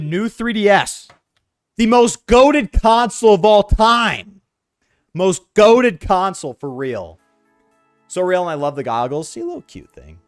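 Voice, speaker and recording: A man streaming a game, chatting casually in an animated, slangy, ranting way. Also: high-pitched, no room sound, clean studio sound. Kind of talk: casual live-stream chat while gaming.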